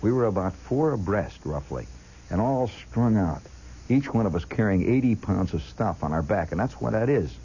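A man with a low, husky voice tells a rambling personal story as a monologue. His pitch swoops up and down expressively, and he talks straight to the listener. He mimics clinks and other sounds with his voice as he goes. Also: lively intonation, normal speed, mellow, rough recording. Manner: chatty, addresses the listener directly.

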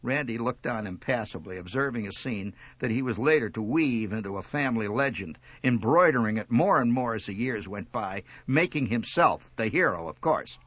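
Male storyteller, wry humorous reading, lively pitch, husky, dry close sound. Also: normal speed, hardly any pauses, dry recording. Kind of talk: scripted narration.

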